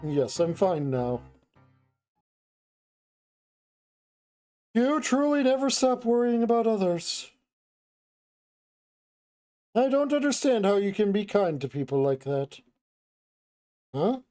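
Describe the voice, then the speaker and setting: A man's voice: sits high, mellow. A man voicing a prickly, grumbling young man. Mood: reflective. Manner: grumbling, irritable, dry. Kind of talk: reading a game's dialogue aloud on stream.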